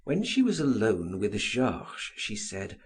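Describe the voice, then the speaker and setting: Slow, breathy audiobook narrator, man. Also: fairly low pitch. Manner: slow, very expressive reading, voicing the dialogue. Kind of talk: scripted narration of a classic novel.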